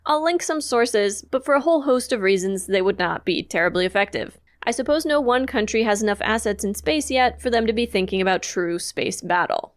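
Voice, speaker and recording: A woman's voice: medium pitch, lively intonation, a little fast, few pauses. A woman co-hosting a podcast, chatting casually and explaining facts she has researched. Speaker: podcast co-host. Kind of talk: casual chat.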